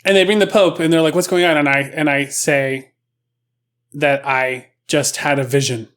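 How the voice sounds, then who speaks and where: A man's voice: a little high, fairly even intonation, moderate pace, a bit bright. A young man co-hosting a comedy podcast, improvising a rambling story and laughing as he acts out the characters. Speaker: podcast co-host.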